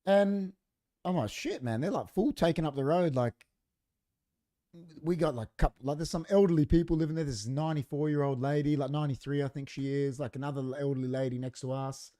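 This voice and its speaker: A man's voice: on the high side, fairly quick. A man, a podcast co-host telling a story in casual chat in a studio, acting out what people said. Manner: animated, acts out quoted dialogue.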